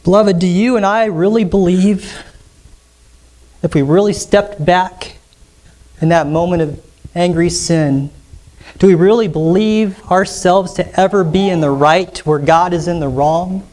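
A man preaching a sermon as pastor, emphatic and rising sharply on key lines, slowing down when quoting scripture. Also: high voice, a little mellow. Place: church sanctuary.

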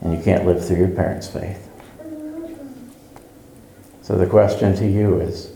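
A man's voice: sits low, steady tone, a little slow, gravelly, pauses often, warm tone, echoey room, a little hiss or hum, rough recording. A man preaching a conversational sermon at a church service, earnestly putting rhetorical questions to the congregation.

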